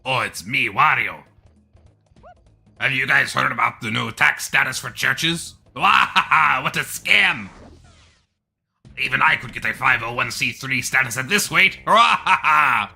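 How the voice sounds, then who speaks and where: A man's voice: medium pitch, lively intonation, unhurried, gravelly, sharp tone, breathy edge, soft background music, pitched above the performer's own voice, full character voice. A man voicing a greedy, scheming male video game villain who cackles and boasts. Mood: gloating.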